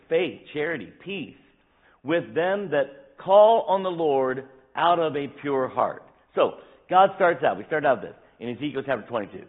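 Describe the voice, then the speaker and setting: Husky-voiced man preaching a sermon. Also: a little high, phone-quality sound. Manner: animated preaching, acts out scripture quotes. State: voice tiring, dry throat. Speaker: pastor. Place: church sanctuary.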